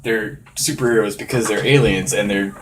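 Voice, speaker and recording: Casual male podcast guest, deep-ish, rambling and profane, slight noise floor. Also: moderate pace. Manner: laid-back, swears freely, rambling. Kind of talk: casual chat. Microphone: shared podcast mic, creaking chair.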